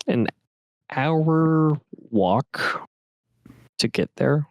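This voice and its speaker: A man's voice: on the high side, lively intonation, extremely slow, dry recording, studio quality. A man narrating as game master for a tabletop game, setting scenes casually with fillers.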